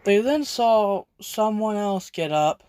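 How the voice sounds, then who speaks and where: A storyteller narrating an original fan story over speedpaints, halting with frequent restarts and self-corrections. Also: mid-range voice, expressive, a little mellow, clean tone.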